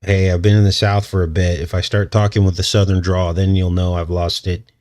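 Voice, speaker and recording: A man with a fairly low voice hosts a casual livestream. He rambles from point to point, chuckles often and speaks straight to viewers in the chat. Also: flat delivery, fairly quick, darkish tone. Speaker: channel host.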